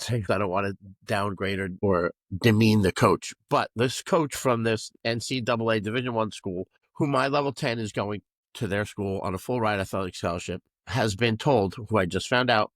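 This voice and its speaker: A man's voice: mid-range voice, dry recording. A man, a gymnastics coach telling stories in a podcast discussion, his voice climbing as he gets worked up. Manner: animated storytelling, voice rising when he relives scolding.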